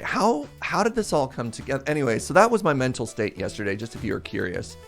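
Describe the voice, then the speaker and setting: A man live-streaming a game, telling a story in a chatty, animated way and laughing at himself. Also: mid-range voice, normal speed, few pauses. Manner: animated storytelling, self-mocking, laughs often. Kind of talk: casual live-stream chat. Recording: faint game music behind.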